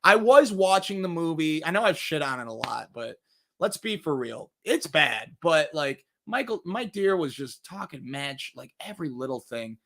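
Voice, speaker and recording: Animated man ranting about movies. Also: normal speed, gravelly. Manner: animated, swears freely, acts out quotes in a higher voice. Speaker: host of a movie review show. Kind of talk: casual movie review monologue.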